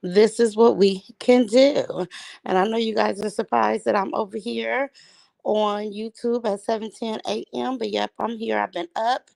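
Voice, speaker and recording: A woman's voice: fairly high pitch, steady tone, a little slow, vocal fry, a little mellow, dry recording. Trash-talking woman livestream host. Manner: greets viewers by name, trash-talking. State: voice sounds strained. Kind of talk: casual livestream chat.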